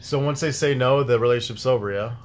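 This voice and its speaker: A man's voice: mid-range voice, fast talker. Laid-back man podcast host. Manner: laid-back rambling, laughs often. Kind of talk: casual chat.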